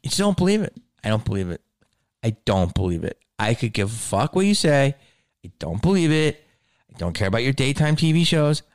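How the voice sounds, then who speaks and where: A man's voice: mid-range voice, big pitch swings, a little fast, dry recording, studio quality. A man hosting a solo podcast, ranting in a blunt, profane way. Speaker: podcast host.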